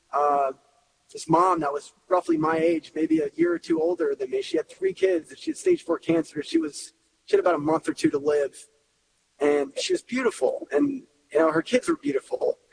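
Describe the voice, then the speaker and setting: A man's voice: high voice, vocal fry. A man in his thirties, a coach, giving an earnest, emotional personal testimony. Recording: long reverb, faint hiss.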